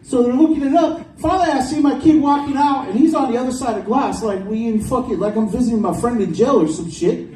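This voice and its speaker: High-voiced crude stand-up comic man. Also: fast talker, warm tone, roomy sound, distant mic, slight background noise, poor audio. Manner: crude, rambling storytelling. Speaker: stand-up comedian. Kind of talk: stand-up comedy set. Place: small bar comedy stage.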